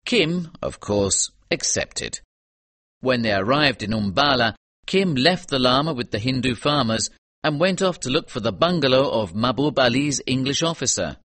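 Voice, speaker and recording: A man narrating a storybook in a clear, measured way. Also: mid-range voice, animated, fairly bright tone, dry recording. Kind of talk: scripted audiobook narration.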